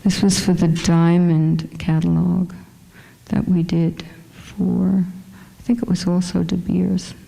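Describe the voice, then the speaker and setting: A woman's voice: lowish voice, flat delivery, takes it slowly, creaky, warm tone. A woman fashion photographer with a small voice, chatting casually with many fillers as she shows her photos in a museum lecture hall.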